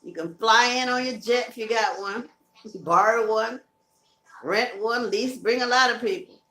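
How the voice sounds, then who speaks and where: A woman's voice: a little high, normal speed, bright, forceful tone, echoey room, a little hiss or hum, rough recording. A woman with a Southern US accent, hosting a casual live stream, chatting, laughing and reading out viewer comments. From Carolinas, US South. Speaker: live-stream host promoting a music tour.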